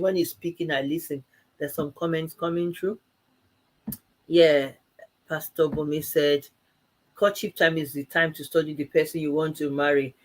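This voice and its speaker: Animated woman telling a story. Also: fairly low pitch. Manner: animated, laughing, acting out both sides of a story. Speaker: co-host of a live church talk show. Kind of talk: casual conversational storytelling.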